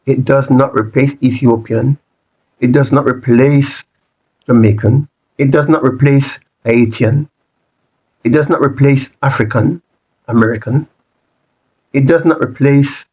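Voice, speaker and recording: A man presenting a reflective monologue, speaking in deliberate, repetitive rhetorical phrases with the odd restart. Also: medium pitch, darkish tone, breathy edge, rough recording. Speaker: channel presenter.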